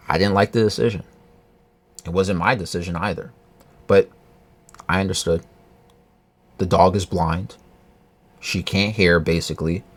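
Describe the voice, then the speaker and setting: Man, lower register, vlogger telling a personal story; halting, earnest, lots of restarts. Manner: halting, with many restarts and fillers; earnest, confiding.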